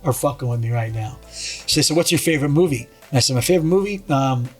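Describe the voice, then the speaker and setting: A man's voice: medium pitch, quick pace, slightly rough, soft background music. A man as a podcast guest, telling a rambling story in casual chat, with restarts and acted-out quotes.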